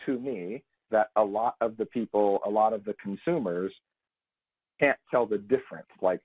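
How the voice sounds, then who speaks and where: A man's voice: on the low side, moderate pace, breathy edge, no room sound. A man guest on a podcast, explaining sales talk and acting out example lines, heard over a tinny, dry line. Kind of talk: podcast conversation.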